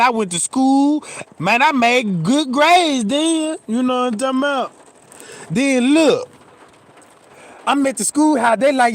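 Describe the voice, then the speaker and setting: A middle-aged man with a very high-pitched voice tells a funny story, casual and profane, acting out the scenes with animation and checking in with the people listening.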